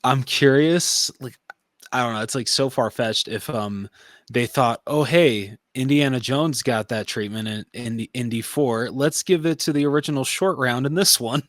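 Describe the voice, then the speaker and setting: A man's voice: medium pitch, moderate pace, fairly bright tone, no room sound. Laid-back man full of ums. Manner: hesitant, many ums, laid-back agreeing. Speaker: podcast co-host. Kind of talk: casual movie review chat.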